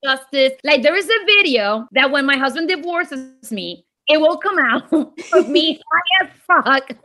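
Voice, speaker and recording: A woman in her thirties telling a comic story in casual chat, animated and laughing often, with lots of "like". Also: high-pitched, measured pace. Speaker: guest storyteller.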